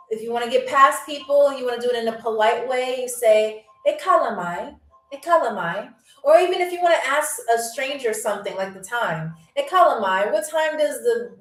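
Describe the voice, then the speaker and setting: Chatty, high-voiced woman game show host. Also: distant mic. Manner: chatty and playful, laughs often, sounds words out slowly. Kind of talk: casual livestream hosting, reading out chat. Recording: echoey room, voice set back from the mic, faint music.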